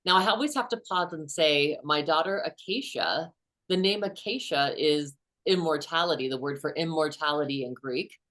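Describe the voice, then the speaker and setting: A middle-aged woman author, a guest in an interview, telling personal stories in an animated way and acting out the quotes. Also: low-pitched, normal speed. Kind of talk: conversational interview storytelling.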